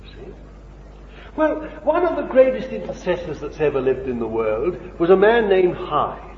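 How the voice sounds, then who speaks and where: A man preaching a sermon, impassioned, with rhetorical questions, swinging between loud and hushed. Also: high voice, very animated, normal speed, slight background noise. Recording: dull old recording in an echoey hall.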